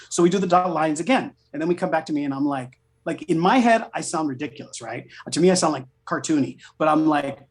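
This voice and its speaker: Middle-aged male voice actor as guest, chatty storyteller, animated and profane. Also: fairly high pitch, fairly quick. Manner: chatty, animated, swears freely. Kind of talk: casual storytelling interview.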